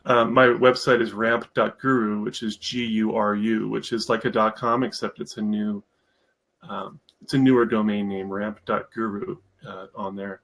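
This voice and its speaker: A man's voice: on the low side, flat delivery, normal speed, a bit bright, low-quality recording. A man talking as a guest on a live stream, enthusiastic and rambling, with many fillers. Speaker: guest, mentorship program founder. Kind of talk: casual live-stream interview.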